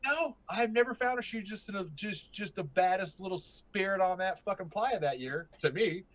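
A middle-aged man chatting casually, telling a story with lots of swearing and acting out his own excited reactions. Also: high-pitched, moderate pace. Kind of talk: casual chat.

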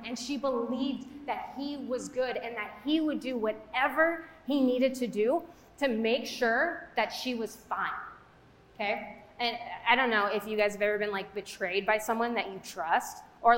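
A woman's voice: on the high side, unhurried, a bit bright. A young woman giving a casual, conversational sermon, chatty and full of fillers, in a church hall. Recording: echoey hall with long reverb.

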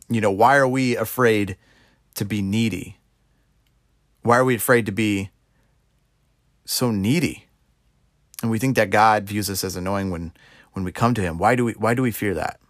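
A man's voice: on the low side, dry recording, studio quality. A young man preaching an informal sermon in a loose, conversational way, often restarting his sentences. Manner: conversational, rambling, self-correcting, laughs while speaking.

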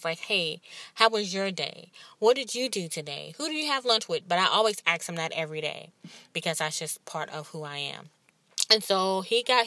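A woman's voice: fairly low pitch, bright, forceful tone, dry recording. A woman in her thirties, a podcast host and life coach, telling a personal story in a candid, rambling, emotional way. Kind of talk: casual personal monologue.

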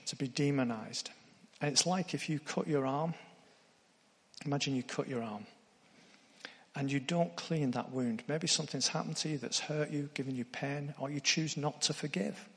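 A man's voice: fairly high pitch, moderate pace, long reverb tail. A man preaching a sermon, earnest, putting direct questions to his congregation.

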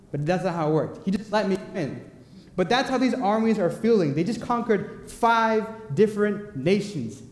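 A young man preaching a sermon, telling stories in an animated, joking way. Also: sits high. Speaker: pastor. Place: church. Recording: echoey church hall.

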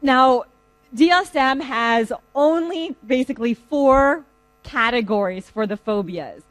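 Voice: high voice, slow, no room sound, rough recording. Conversational lecturer in a dry room. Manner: conversational, lively storytelling. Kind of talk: classroom lecture.

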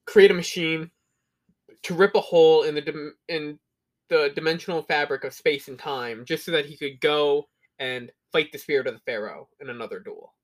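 A young man co-hosting a podcast who tells animated stories and swears a lot. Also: on the high side, normal speed. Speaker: podcast co-host. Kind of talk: casual crude banter.

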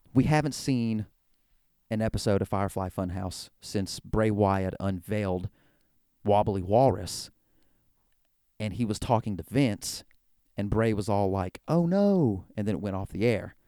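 A man hosting a casual wrestling recap show, rambling and excitable, full of "like" and "you know.". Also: on the low side, no room sound, clean studio sound. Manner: rambling, excitable, heavy use of "like". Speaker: podcast host.

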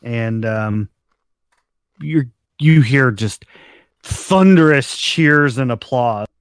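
A man narrating as game master for a tabletop game, relaxed and chuckling, with many pauses and ums. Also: medium pitch, clear, resonant tone, dry recording.

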